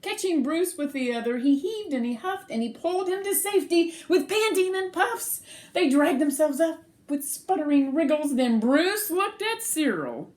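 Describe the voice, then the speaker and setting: Sing-song woman reading a picture book. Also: sits high. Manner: sing-song, animated, pauses to ask children questions. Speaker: storyteller reading to children.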